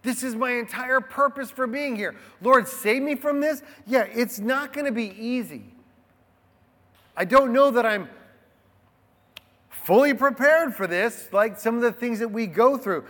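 A man's voice: very high-pitched, a little slow, bright, forceful tone, in a large hall. A man preaching a sermon in a casual, conversational way, with frequent rhetorical asides to the congregation. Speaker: pastor.

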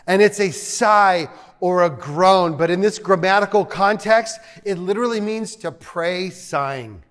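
High-voiced pastor, joking and conversational. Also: male voice, measured pace, fairly bright tone. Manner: conversational, joking asides to the congregation. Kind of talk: sermon.

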